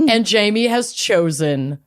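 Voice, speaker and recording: A woman's voice: medium pitch, lively intonation, slow pace. A woman co-hosting a casual podcast, joking and teasing her friend. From Minnesota. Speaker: podcast co-host. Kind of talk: casual chat.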